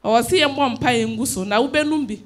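A woman giving a testimony at a church service, telling her story in an animated way. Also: fairly high pitch, normal speed.

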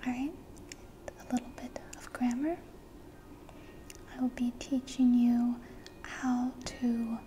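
A woman whispers in a whispered role-play as a patient teacher, slow and unhurried, close to the microphone. Her voice sits high and mellow. A faint hum of room ambience stays behind her. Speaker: ASMR teacher. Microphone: close microphone, occasional bumps.

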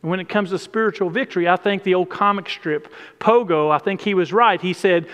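A man's voice: high voice, brisk, hardly any pauses, a bit bright. A man preaching a sermon as pastor, with an emphatic, repetitive preaching cadence. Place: church sanctuary. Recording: long church hall reverb.

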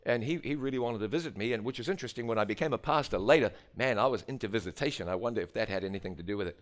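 A man's voice: fairly low pitch, racing, hardly any pauses. A man with a New Zealand accent telling his testimony in a humorous, storytelling sermon. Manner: animated, humorous, acts out dialogue. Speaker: preacher giving a testimony.

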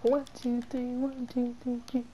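Playing a game on stream with friends, a young woman talks in a level, a little slow voice that's slightly high yet dark in tone. She giggles, keeps things playful, and breaks into silly sing-song moments, with a bit of background noise present.

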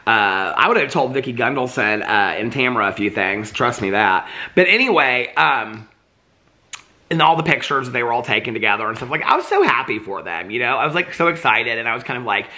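Bright-voiced chatty man, gossipy and dramatic. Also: medium pitch, sing-song, fairly quick. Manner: chatty, dramatic, full of "like" and "okay". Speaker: TV commentary vlogger. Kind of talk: casual gossipy chat to camera.

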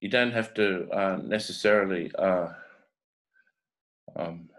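A man with a New Zealand accent giving a halting, unscripted prophetic reading, full of pauses and fillers. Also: low-pitched, poor audio. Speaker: prophetic teacher.

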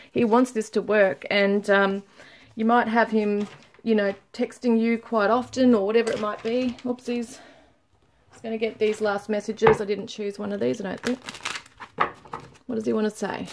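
A woman giving a casual tarot reading to viewers, chatty and laughing often, reading card messages aloud slowly. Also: a little high, slight background noise. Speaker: tarot reader.

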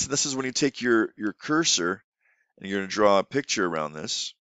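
A man's voice: on the low side, animated, a little fast, fairly bright tone, no room sound. A man, an online English teacher, explaining classroom tips in a casual way with frequent restarts. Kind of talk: instructional teaching tips video.

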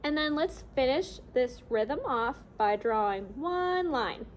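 Young woman, kids' music teacher, unhurried and upbeat, slow deliberate pace. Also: high voice, expressive, slight background noise. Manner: cheerful, slow and clear, repeats rhythm syllables for kids to echo. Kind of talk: classroom lesson video for children.

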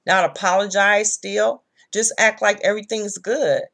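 A woman's voice: medium pitch, fairly even intonation, unhurried, fairly bright tone. Blunt, profane woman tarot reader. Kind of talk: casual tarot reading.

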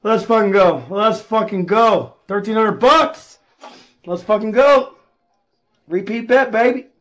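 A man broadcasting his gambling live alternates between muttering darkly and shouting with hype, cursing nonstop. He speaks a little slowly.

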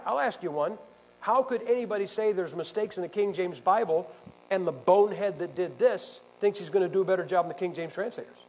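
A male pastor leads a Bible class in a combative, sarcastic way, firing questions at his listeners. His voice sits fairly high for a man. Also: rough recording. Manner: combative, sarcastic, quizzes the audience.

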